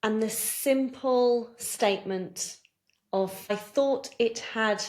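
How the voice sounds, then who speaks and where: A woman's voice: on the high side, slow, a little mellow. Woman host on a podcast, keeps agreeing, easy chatty tone. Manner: affirming, short agreeing replies. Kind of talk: casual podcast conversation.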